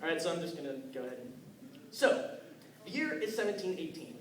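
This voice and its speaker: Nervous teen comic in an echoey hall. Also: male voice, fairly high pitch, big pitch swings, brisk, very noisy. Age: teens. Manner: nervous, self-deprecating, stumbling. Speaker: student comedian. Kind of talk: stand-up monologue at open mic. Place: school hall with audience. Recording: echoey hall from far off, crowd.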